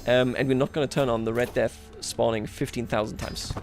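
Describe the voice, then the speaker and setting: This time his medium-pitched delivery is brisk and fairly even in intonation. Over soft background music, he livestreams a strategy game, talking casually to chat, making fun of himself and chuckling frequently.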